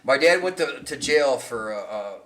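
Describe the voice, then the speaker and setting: A man's voice: medium pitch, lively intonation, normal speed, fairly bright tone, distant mic. A middle-aged man casually telling long, rambling, profane stories on a podcast and laughing at his own tales. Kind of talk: casual storytelling chat. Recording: roomy sound, away from the mic.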